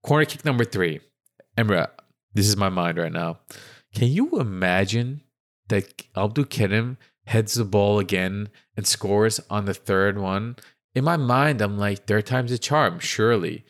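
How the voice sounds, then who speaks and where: Low-voiced man retelling match moments. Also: unhurried. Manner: animated play-by-play storytelling. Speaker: podcast co-host. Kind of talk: casual sports podcast chat.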